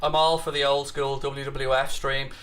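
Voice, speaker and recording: On his live football watchalong stream, an Irish host speaks at normal speed with a medium-pitched voice. He chats easily, reads comments from viewers and erupts into excited reactions now and then.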